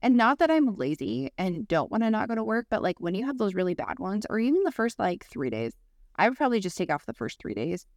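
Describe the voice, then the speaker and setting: Animated young woman telling stories. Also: medium pitch, a little fast, no echo, clean studio sound. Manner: lively, swears freely, acts out quoted voices. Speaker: podcast co-host. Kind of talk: casual storytelling chat.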